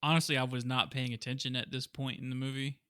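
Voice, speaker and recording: A man's voice: mid-range voice, flat delivery, fast talker, fairly bright tone, dry recording, studio quality. A man co-hosting a podcast, chatting casually and jokily, sharing behind-the-scenes trivia. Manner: chatty, shares trivia, jokey. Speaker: podcast co-host. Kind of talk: casual movie review chat.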